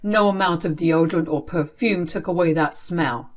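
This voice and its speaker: A woman's voice: fairly low pitch, moderate pace, lightly acted. A woman reading as a whiny, blaming brother. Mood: complaining. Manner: complaining, accusing. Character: spoiled young adult brother, whiny and blaming.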